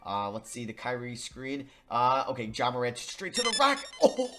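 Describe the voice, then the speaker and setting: Excitable young man narrating his gameplay. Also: mid-range voice, moderate pace, few pauses, soft background music. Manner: excitable, swings from muttering to yelling. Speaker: video game YouTuber. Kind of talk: gaming commentary.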